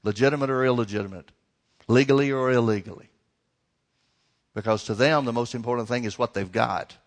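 A male pastor preaches a sermon in a medium-pitched voice, a little fast, emphatic and folksy. He stretches out key words and speaks straight to the congregation, with the long reverb of a large hall around him.

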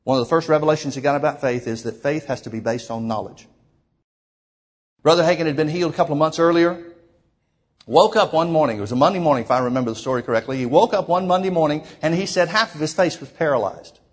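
A man's voice: on the high side, quick pace. A man preaching, retelling a story in a sermon with many quoted lines and frequent restarts.

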